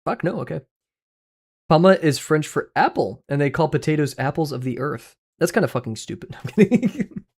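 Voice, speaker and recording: A man's voice: on the high side, expressive, a little fast, husky. Rambling, swearing male streamer. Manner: rambling, profane, laughs often, jokey. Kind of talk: casual livestream commentary.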